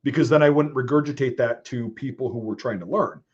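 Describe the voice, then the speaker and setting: A man hosting a casual online stream, telling stories in a profane, animated way. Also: mid-range voice, a little fast, lo-fi sound. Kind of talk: casual chat.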